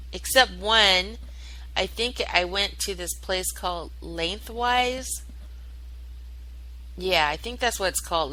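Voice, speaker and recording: A woman hosts her own internet radio show, talking loosely and chattily with plenty of fillers and an offhand curse now and then. Her voice is bright and sharp, and her pitch sits at an ordinary level. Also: poor audio. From United States. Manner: rambling and chatty, with many fillers and swearing. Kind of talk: casual solo chat, answering listener chat.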